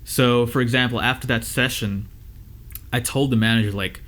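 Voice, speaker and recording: A man's voice: medium pitch, fairly even intonation, normal speed, a bit bright. A man who is a music engineer and teacher, giving casual advice and stories to his students in a loose, conversational way with lots of fillers.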